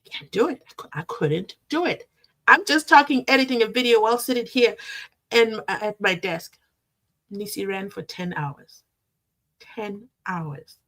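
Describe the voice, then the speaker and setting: A young woman with a South African accent hosts a casual live-stream from her desk at home. She reads viewer comments out loud and reacts to them with lively, animated chatter. Her voice sits at an ordinary middle pitch. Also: a little slow. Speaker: commentary channel host.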